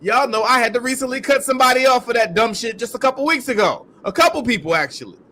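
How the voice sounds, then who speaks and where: A man's voice: very high-pitched, animated, fast, sharp tone, a little hiss or hum. A man hosting a podcast, ranting in heated, profane, incredulous commentary. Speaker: podcast host.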